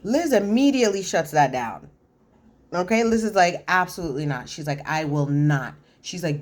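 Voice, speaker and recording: A woman's voice: low-pitched, animated, normal speed. A woman giving a casual reality TV recap, chatty and opinionated, acting out what people said with lots of "like.". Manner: chatty, acts out quotes with many "like"s.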